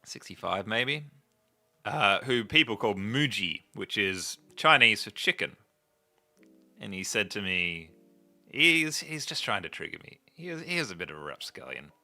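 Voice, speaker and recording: A man's voice: on the low side, sing-song, a little slow, sharp tone, no room sound, soft background music. A man chatting and joking casually while playing a game, rambling into stories as he goes. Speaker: gaming video host. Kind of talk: casual gameplay commentary.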